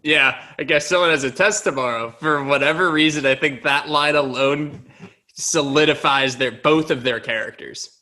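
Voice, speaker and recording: A man's voice: a little high, normal speed, sharp tone. A young man co-hosting a podcast in casual chat, laughing often as he retells favorite movie lines. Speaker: podcast co-host.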